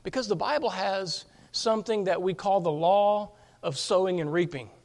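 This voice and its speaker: A man's voice: high-pitched, normal speed, a little mellow. A man preaching a sermon as pastor, emphatic, often asking his congregation rhetorical questions.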